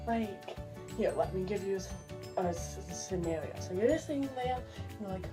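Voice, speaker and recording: A woman's voice: mid-range voice, lively intonation, normal speed, music in the background. A woman vlogging in a casual, chatty way, sounding exasperated and filling her talk with "like". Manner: chatty, exasperated, filler-heavy with "like". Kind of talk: casual vlog chat.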